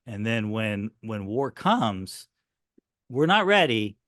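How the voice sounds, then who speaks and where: A middle-aged man telling history as an interview guest, animated and earnest as he talks. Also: fairly low pitch, takes it slowly, dry recording, studio quality. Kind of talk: interview answer, storytelling.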